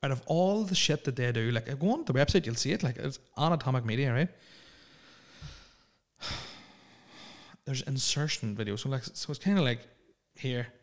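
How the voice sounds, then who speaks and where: Young lad, mid-pitched, hosting a loose solo podcast full of swearing and jokes. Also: male voice, lively intonation, moderate pace, long pauses. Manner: rambling, profane and jokey. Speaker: podcast host. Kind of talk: casual solo podcast chat.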